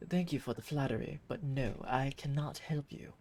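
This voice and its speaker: A woman's voice: a bass voice, moderate pace, darkish tone, slight background noise, pitched below the performer's own voice. A woman voicing a grumpy, reluctant older-brother male ranger who talks bluntly and stammers when he is cornered, in a visual novel game. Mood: dismissive.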